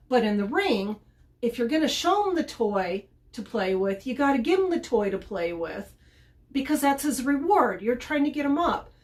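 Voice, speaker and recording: A middle-aged woman hosting a casual advice vlog, chatty and often repeating words as she restarts. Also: medium pitch. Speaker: podcast host and dog trainer.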